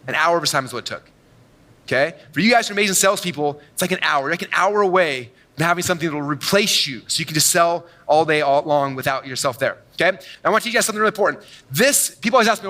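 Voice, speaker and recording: A man giving an energetic, boastful keynote talk on stage to a large audience, telling stories with quick asides. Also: sits high. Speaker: conference speaker. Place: large event hall on stage.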